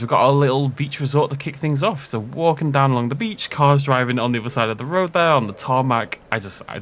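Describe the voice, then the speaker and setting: A man giving a casual, upbeat commentary on a video game park tour, chatty and quick to laugh at his own jokes. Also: mid-range voice, fairly bright tone, a little hiss or hum.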